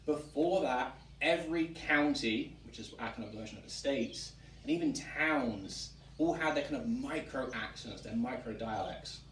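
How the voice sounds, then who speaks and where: A man from England hosting a relaxed chat, explaining at length with frequent ums. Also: medium pitch, moderate pace. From England (Wiltshire). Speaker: museum director and host. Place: historic tavern room, indoors. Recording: roomy, distant mic, faint background noise.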